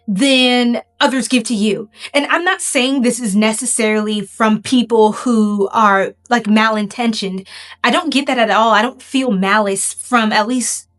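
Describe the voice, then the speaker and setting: A woman's voice: fairly high pitch, measured pace. A woman reading tarot for her viewers in a casual, rambling way, full of fillers and asking "right?" as she goes. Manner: addresses viewers directly. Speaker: tarot reader.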